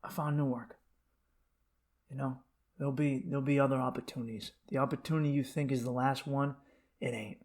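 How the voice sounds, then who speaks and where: A man hosting his own podcast, telling rambling, profane comedic stories, then turning to a quieter earnest pep talk. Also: mid-range voice, steady tone, fairly quick, long pauses. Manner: shouts in quoted asides. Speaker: podcast host. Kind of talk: casual comedic monologue.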